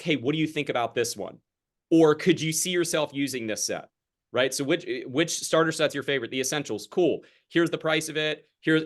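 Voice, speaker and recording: On a group video call, a young man runs a casual, chatty sales training session and role-plays conversations with customers. His voice sits in the mid-range and sounds a bit bright.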